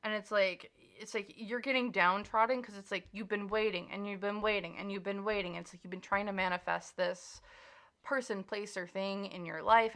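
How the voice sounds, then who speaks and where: A woman's voice: medium pitch, normal speed, vocal fry, a bit bright. A woman giving a chatty, reassuring tarot reading, full of "like" and earnest encouragement. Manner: chatty, emphatic, reassuring, many filler likes. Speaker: tarot reader. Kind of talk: casual spoken tarot reading.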